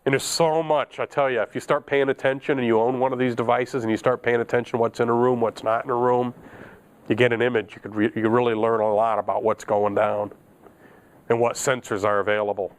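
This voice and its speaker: A man's voice: mid-range voice, flat delivery, a little fast. A middle-aged man teaching an electronics class, chatty and joking, laughing at his own asides. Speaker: electronics instructor. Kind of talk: classroom lecture.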